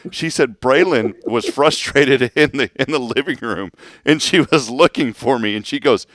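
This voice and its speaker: A man in his thirties chatting casually as a show host, telling a family story with lively laughs. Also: mid-range voice, moderate pace, no room sound, studio quality. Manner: storytelling, animated, laughs often. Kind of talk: casual chat.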